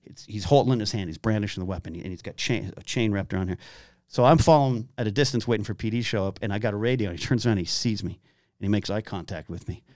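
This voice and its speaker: A man telling long stories in casual chat, acting out shouted quotes as he goes. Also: fairly low pitch, fast, no room sound, clean studio sound. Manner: animated storyteller, acts out shouted quotes. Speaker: podcast guest. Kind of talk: casual storytelling.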